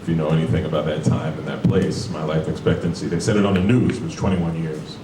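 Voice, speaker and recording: Deep-voiced man in an echoey comedy club. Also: level tone, fast talker, noisy background. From Brooklyn, New York. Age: 40s. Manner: profane, conversational, rhetorical asides. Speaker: stand-up comedian. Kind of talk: stand-up comedy set. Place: comedy club with a live audience. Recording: echoey room, far mic, audience laughter.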